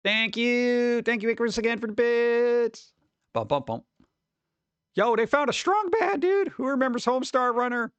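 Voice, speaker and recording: A man chatting casually on a live stream, reading chat and reacting with quick exclamations. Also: very high-pitched, fairly bright tone, clean tone, no room sound, lo-fi sound.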